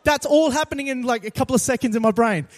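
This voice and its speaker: A young pastor delivering a sermon as a lively, dramatic story. His voice sits very high for a man, and he punches key moments with bursts of loud emphasis. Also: fast.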